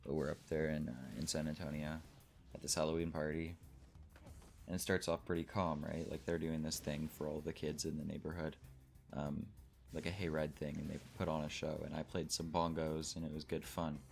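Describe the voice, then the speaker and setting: A man's voice: very deep voice, flat delivery, normal speed, creaky, faint music behind. A young man in his late teens from Texas, telling a rambling, casual party story over gameplay. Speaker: gaming channel host.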